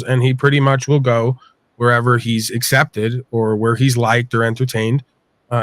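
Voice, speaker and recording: A man with a middling voice calmly lays out a formal, analytical case, weighing his words. The sound is close and dry, with no room around it. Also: medium pitch, dry recording. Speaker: panelist. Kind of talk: live panel debate.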